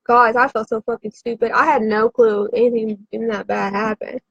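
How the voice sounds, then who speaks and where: A woman's voice: a little high, flat delivery, a little fast, vocal fry, breathy edge, dry recording, dull audio. A woman who has been drinking, telling a rambling, profane story to a live audience in a frantic, confessional way.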